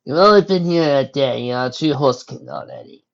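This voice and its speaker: A reader voicing a warm, motherly female horse ruler who speaks heartily and gently teases, in a muffled lo-fi recording. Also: medium pitch, expressive, moderate pace, voice pushed up, lightly acted. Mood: amused.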